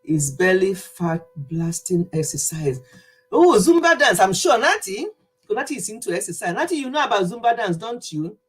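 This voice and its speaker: A woman talks her way through a home workout livestream. She is slightly out of breath and laughs easily, greeting viewers one by one. Her pitch sits in the middle of the usual female range. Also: sing-song, moderate pace, breathy edge. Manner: chatty, greets viewers by name, laughs often while exercising. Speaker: livestream host. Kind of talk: casual livestream chat with singing.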